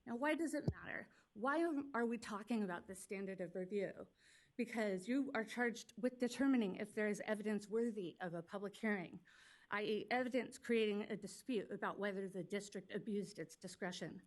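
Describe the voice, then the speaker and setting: A woman attorney makes a formal legal argument before a public commission. She talks quickly and pointedly, pressing each point. Her voice sits at a middle pitch. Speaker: attorney representing a school district. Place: public meeting hearing room.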